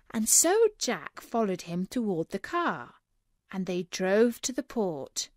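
A woman reading a children's story aloud clearly and expressively for English learners, on a close studio mic. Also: mid-range voice, animated, unhurried, dry recording. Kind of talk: scripted storybook narration.

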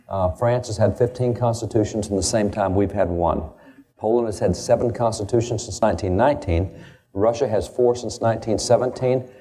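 A man's voice: on the low side, warm tone. A man from the United States giving a lecture-style talk on the founders, emphatic and quoting old documents with stress on key words. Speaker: speaker on founding history.

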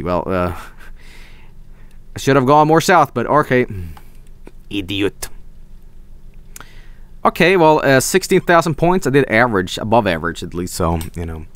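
A young man with a Swedish accent streams a geography guessing game, offering casual commentary as he thinks aloud, swears, and lets out excited yelps. His voice is mid-range with a clean tone on a dry recording.

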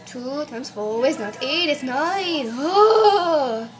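A woman voicing a bossy, scolding female schoolteacher in a put-on British accent, loud and exasperated. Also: high-pitched, slow.

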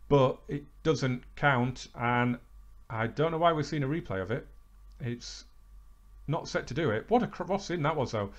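Gaming host, let's-play commentary, even middle voice, livens up for near misses and saves. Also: male voice, medium pitch, highs cut off. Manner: excitable match commentary, relaxed recap.

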